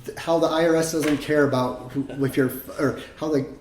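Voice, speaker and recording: A man with a somewhat high voice rambles through animated, profane stories in casual podcast chat. His voice carries a roomy echo, as if recorded in a bare indoor room. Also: fairly quick, a little hiss or hum. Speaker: podcast co-host.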